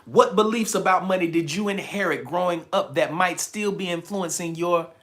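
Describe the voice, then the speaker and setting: A man's voice: high-pitched, normal speed, a bit bright, soft background music. A man hosting a live stream, giving a preachy, emphatic motivational talk, reading out chat comments and laughing often. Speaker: livestream host.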